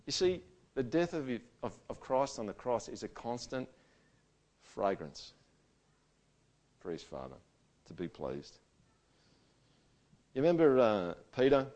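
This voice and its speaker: A man preaching a sermon to a church gathering. He talks conversationally and swings between loud emphasis and quiet, intimate passages. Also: mid-range voice, big pitch swings, unhurried, pauses often. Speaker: pastor.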